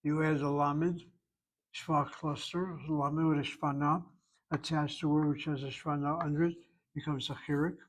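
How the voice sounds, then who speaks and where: Man, Hebrew teacher, grammar lesson, patient explanations, slightly high voice. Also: little pitch movement, normal speed. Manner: patient, explanatory, stresses pronunciation.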